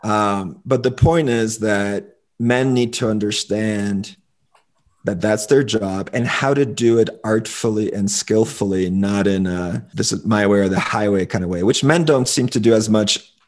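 Speaking a little slowly in a lowish voice, a man explains his opinions as a relationship coach. The podcast is casual, and his delivery stays easygoing but opinionated.

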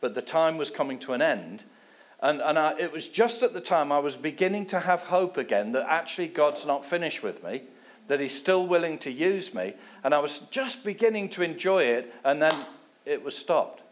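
English man preaching with lively storytelling. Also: normal speed. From England. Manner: lively storytelling, drops to a low voice for asides. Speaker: guest preacher. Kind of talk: sermon with personal testimony.

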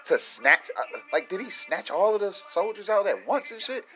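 A man's voice: sits high, sing-song, normal speed, pushed and bright, faint music behind. A young adult man, ranting casually to his viewers with lots of swearing and laughter. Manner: profane, rambling, laughs often. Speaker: vlogger.

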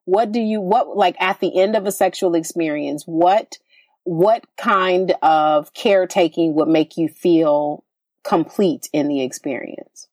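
A woman's voice: lowish voice, measured pace, a little mellow, no echo. Woman hosting a podcast, chatty and candid, lots of restarts, dry sound. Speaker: podcast host. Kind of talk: casual chat.

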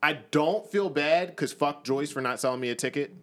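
A man's voice: on the high side, normal speed, background noise. A young man co-hosting a casual basement podcast, rambling with restarts, cursing and quoting other people. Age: young adult. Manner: rambling, profane, full of restarts and quoted asides. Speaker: podcast co-host. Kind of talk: casual chat. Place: basement home studio.

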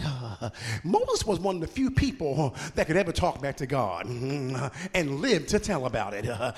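A man's voice: on the high side, in a large hall. A man preaching a sermon in a folksy, playful way, joking with the congregation and laughing between phrases.

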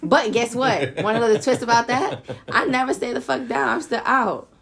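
A woman's voice: on the high side, moderate pace, a bit bright. A woman, a mother, talking in casual chat, blunt and profane and laughing often. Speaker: podcast co-host, mother.

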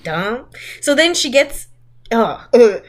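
A woman's voice: a little high, very animated, slow, crowd noise. A woman co-hosting a casual podcast, talking animatedly and laughing often as she retells and mocks a movie. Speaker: podcast co-host. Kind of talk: casual chat.

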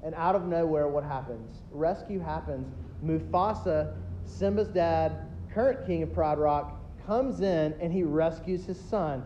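Man preaching, fairly high voice, warm tone, emphatic builds and hushed asides, dull lo-fi recording, faint rumble. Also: unhurried. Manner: emphatic preaching that swings between loud builds and quiet asides. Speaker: pastor. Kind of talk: sermon.

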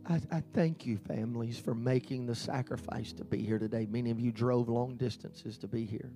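Male pastor, mid-pitched voice, solemn and measured, punching the pledges, soft music under him. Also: steady tone. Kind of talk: church child dedication sermon. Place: church sanctuary.

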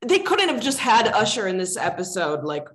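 A woman's voice: mid-range voice, big pitch swings, normal speed, fairly bright tone. A woman co-hosting a podcast in casual chat, who swears freely and laughs often. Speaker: podcast co-host. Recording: roomy echo.

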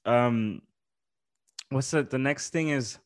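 Man, podcast co-host, laid-back casual chat, medium pitch. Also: slow. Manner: laid-back, laughing reactions.

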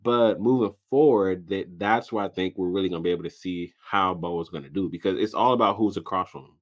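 A man's voice: deep voice, brisk, dull audio. A man co-hosting a wrestling podcast, giving opinions in casual chat with rambling restarts.

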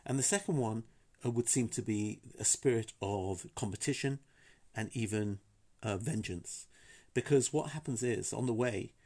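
A man's voice: lowish voice, moderate pace, warm tone. Man, podcast host, Bible lesson, conversational, rhetorical questions, reads Hebrew verses aloud and translates. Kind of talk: informal spoken Bible lesson.

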